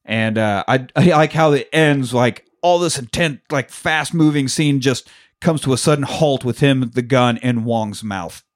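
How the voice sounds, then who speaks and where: A man's voice: mid-range voice, measured pace. Profane, jokey male podcast co-host. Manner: profane, jokey, laughs often, acts out scenes. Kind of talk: casual film-recap chat.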